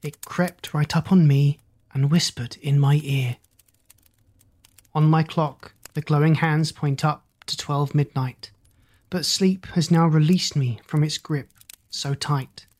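A storyteller reading rhyming children's stories in a measured, sing-song way. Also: mid-range voice, fairly even intonation, a little mellow.

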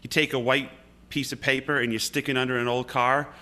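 A man from upstate New York talks as an interview guest. His voice is bright and forceful, with a mid-range pitch. He tells his stories loosely and restarts his sentences often. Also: little pitch movement, a little fast. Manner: anecdotal, with many restarts. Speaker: guest musician. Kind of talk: casual interview chat.

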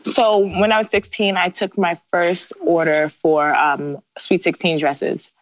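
Lowish woman voice, chatty guest in her thirties, dry close sound. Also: measured pace, dry recording. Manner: animated, laughing asides, acts out her own past lines. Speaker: guest, bridal designer. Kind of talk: casual interview storytelling. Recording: dry, slightly dull sound.

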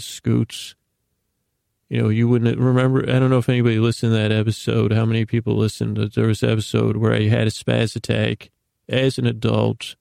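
Podcast host, male, creaky voice, dry close sound, meandering self-deprecating monologue. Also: on the low side, darkish tone, no room sound. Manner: meandering, self-deprecating, stumbles and repeats words. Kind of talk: rambling bedtime monologue.

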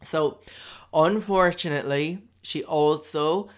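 A man's voice: fairly high pitch, slow. A young man with a Cork Irish accent, riffing through a rambling, profane comic monologue as a podcast host. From Ireland. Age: young adult. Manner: rambling, profane, jokey, with lots of fillers. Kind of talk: comedic monologue.

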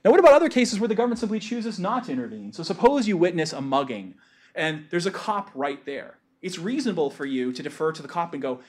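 A man's voice: a little high, very animated, a little fast. A man giving a lecture in a casual way, with many filler words.

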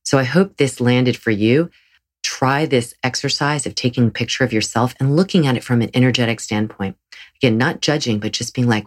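A woman's voice: very deep voice, fairly quick. A woman hosting her own podcast as a yoga teacher, talking earnestly and encouragingly in a solo episode, with frequent restarts.

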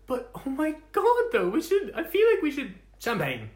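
A man's voice: very high-pitched, moderate pace, heavily acted. A man playing a frazzled, camp young man in an audio drama, venting dramatically about his day. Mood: excited. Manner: animated, dramatic ranting with swearing.

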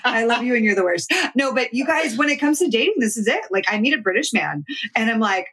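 Giggly American woman with a husky voice. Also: on the high side, expressive, fast, fairly bright tone. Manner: giggly, enthusiastic. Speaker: relationship coach and podcast guest. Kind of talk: casual podcast chat.

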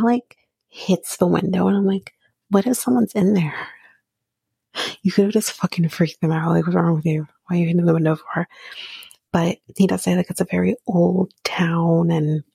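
A woman hosting a podcast, recapping a reality show in casual chat, blunt and sarcastic, swearing freely and slipping into soft whispery asides. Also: lowish voice, gravelly, breathy edge, no room sound.

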